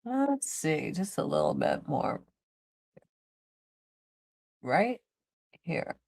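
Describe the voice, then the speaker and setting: Doing her makeup on a casual livestream, a woman answers viewer comments in a deep, gravelly, slightly mellow voice. She's very animated yet very slow, blunt, and profane, swearing frequently.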